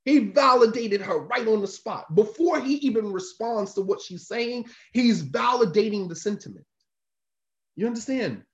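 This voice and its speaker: In a dull, roomy lo-fi recording, a male religious teacher with a high-pitched voice and lively intonation preaches at normal speed. His informal sermon is conversational and emphatic, with points repeated again and again.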